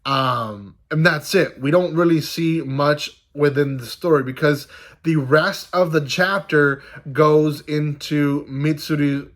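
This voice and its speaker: A man's voice: on the high side, slow, a bit bright. A young man reviewing a manga chapter in a casual, rambling recap.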